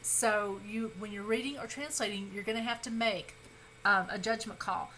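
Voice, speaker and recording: Patient and reassuring, a woman teaches a recorded grammar lecture in a clear, bright, mid-range voice, stopping on fillers and fixing her own slips quickly. A faint room hum runs underneath, and the recording is rough.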